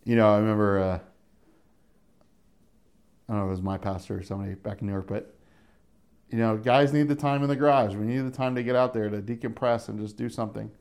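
A man's voice: lowish voice, fairly even intonation, quick pace, long pauses, a little mellow, clear, resonant tone. A middle-aged man giving casual verse-by-verse Bible teaching, talking conversationally, chuckling often and acting out the voices he quotes. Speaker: pastor teaching a Bible study.

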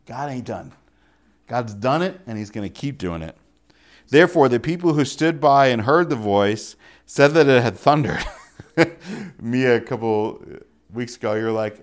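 A man preaching a casual sermon, full of rhetorical questions and offhand jokes, swinging between loud emphatic lines and quiet asides. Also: medium pitch, animated, moderate pace.

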